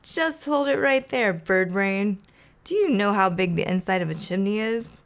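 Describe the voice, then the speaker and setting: A woman voicing a grumpy male trash-can monster in a gruff, snapping way while reading a children's storybook aloud. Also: on the low side, measured pace. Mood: scornful.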